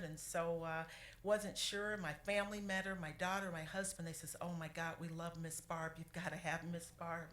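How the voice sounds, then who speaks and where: A woman serving as city clerk gives a heartfelt, halting tribute at a council meeting, pausing often and fighting back tears. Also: on the low side, fairly bright tone. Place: council chamber. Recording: echoey chamber with faint room noise.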